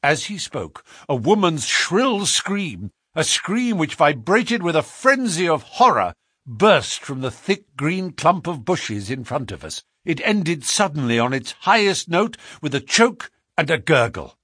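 Male audiobook narrator, measured and expressive, slightly husky, dry close recording. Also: no echo. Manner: measured storytelling, lively pitch.

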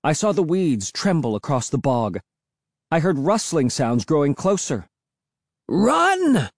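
Expressive suspenseful audiobook narrator. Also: mid-range voice, moderate pace, no room sound, clean studio sound. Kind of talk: scripted first-person narration.

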